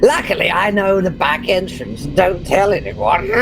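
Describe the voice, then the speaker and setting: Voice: mid-range voice, expressive, slow, gravelly, noisy background, voice pushed up. A game master voicing Baba Yaga, a gigantic rotting old witch who teases and cackles slyly. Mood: mocking. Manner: cackles, teasing and sly.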